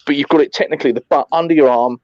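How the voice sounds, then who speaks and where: A man tells a night-game story in a lively, sweary chat, with a slightly higher voice than most men. The sound is dry and a little dull, recorded close with no room around it. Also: rapid-fire, no echo. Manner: animated, swearing, lots of fillers and "mate". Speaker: airsoft player recounting a game.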